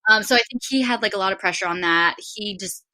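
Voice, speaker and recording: A woman's voice: medium pitch, fast talker, sharp tone. A woman in her twenties from San Diego, a podcast guest telling a personal story in a chatty way, full of "like". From San Diego, California. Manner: chatty, heavy on filler "like". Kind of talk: casual storytelling.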